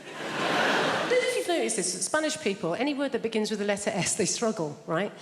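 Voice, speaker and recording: A woman's voice: on the high side, sing-song, fairly quick. Brash, chatty female stand-up, in a long hall echo. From England. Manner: brash, chatty, teasing the audience. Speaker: stand-up comedian. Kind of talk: stand-up comedy. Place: large theatre stage. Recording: reverberant theatre with loud noise.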